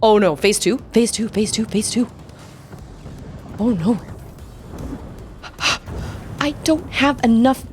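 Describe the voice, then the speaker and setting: A woman's voice: on the high side, expressive, slow pace, pauses often, darkish tone, soft background music. A woman streaming a video game, commenting live and often exclaiming and squealing as she plays.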